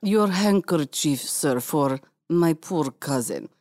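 A prim young noblewoman speaks slowly with genteel insistence, as a woman acts her out. Her voice sits very low. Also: lively intonation, a little mellow.

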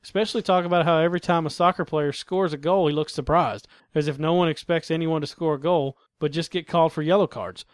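Crude laid-back podcast host, dry sound. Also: male voice, a little high, steady tone, quick pace, hardly any pauses, no echo. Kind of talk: casual podcast banter.

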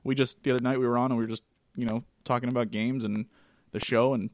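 A man co-hosting a casual gaming podcast, relaxed and chatty, with plenty of easy laughter. His voice sits in an ordinary middle pitch and comes through dry and close to the mic. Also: fast, dry recording. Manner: laid-back, chatty, laughs often. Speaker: podcast co-host. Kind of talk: casual chat.

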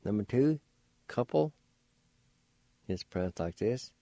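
A man's voice: on the low side, lively intonation, slow pace, mellow, no room sound. A man hosting a radio language lesson, carefully spelling and sounding out words syllable by syllable. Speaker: radio host teaching Cherokee words.

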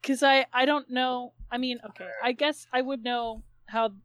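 A woman's voice: high voice, fairly even intonation, moderate pace, fairly bright tone, clean tone, dry recording. A woman player in a tabletop game, talking casually and a little hesitantly.

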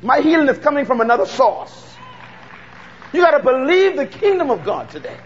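A man's voice: extremely high pitch, big-room sound, dull audio, a little hiss or hum. A Bahamian man preaching a fervent sermon, calling out to the congregation for responses.

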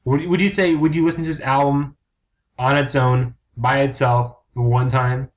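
A man's voice: medium pitch, steady tone, moderate pace. A man co-hosting a podcast in casual chat, blunt and teasing, swearing freely. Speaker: podcast co-host.

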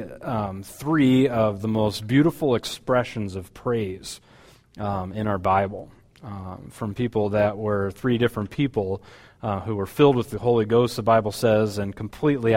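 A man's voice: lowish voice, a little mellow, in a large hall. A man preaching a sermon as pastor, talking in a conversational, hesitant way with many fillers.

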